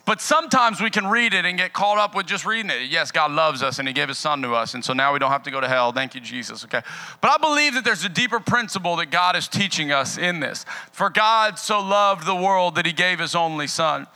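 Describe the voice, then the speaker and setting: A young male pastor gives a relaxed, joking sermon in a church and chats with the congregation. His voice is very bright and pitched a little high. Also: fast talker, rough recording. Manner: casual, joking, lively with the crowd. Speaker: guest pastor. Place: church sanctuary.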